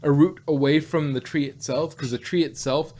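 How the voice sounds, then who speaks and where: A man's voice: a little high, steady tone, normal speed, a little mellow, a little hiss or hum. A man hosting a casual podcast and recapping a cartoon episode, rambling along with lots of fillers and self-corrections.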